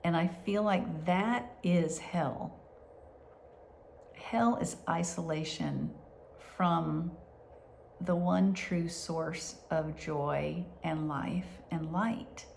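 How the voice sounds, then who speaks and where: A woman telling a personal story in a halting way, with many restarts and hushed asides. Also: lowish voice, vocal fry, slight background noise. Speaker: vlogger.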